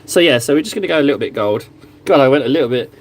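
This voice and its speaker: A man's voice: mid-range voice, expressive, rapid-fire. A young man chatting casually while painting miniatures, rambling and laughing at himself, in a small cupboard room.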